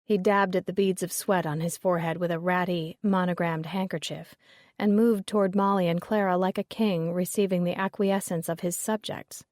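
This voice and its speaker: A woman's voice: fairly low pitch, steady tone, normal speed, darkish tone, no room sound, clean studio sound. Woman narrating a cozy mystery. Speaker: audiobook narrator. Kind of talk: scripted narration.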